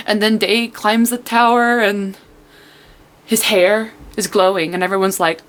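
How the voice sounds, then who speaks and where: A young woman reviewing a book in a casual vlog, excitable and rambling, full of "like" and acting out her own reactions. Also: mid-range voice, moderate pace.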